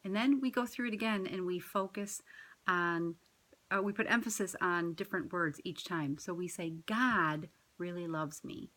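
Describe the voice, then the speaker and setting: A woman in parish ministry giving a reflective spiritual talk, speaking in an earnest, measured way with gentle emphasis. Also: fairly low pitch.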